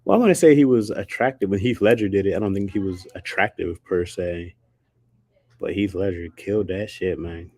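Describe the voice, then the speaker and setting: A man's voice: low-pitched, fairly quick, darkish tone, no echo, clean studio sound. A man chatting casually on a livestream, slangy and rambling, laughing often. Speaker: streamer.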